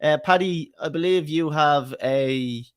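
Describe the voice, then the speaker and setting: A man's voice: on the high side, unhurried, smooth, no echo, clean studio sound. A man hosting a casual football chat podcast, teasing his co-hosts sarcastically and laughing often. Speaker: podcast host.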